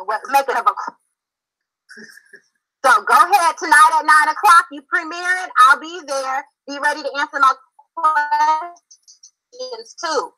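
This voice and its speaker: A woman's voice: sits high, unhurried, long pauses, sharp tone, faint music behind, low-quality recording. Confrontational woman on a call. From Philadelphia. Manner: confrontational, emphatic and repetitive. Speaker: panel guest. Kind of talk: heated live-stream call-in.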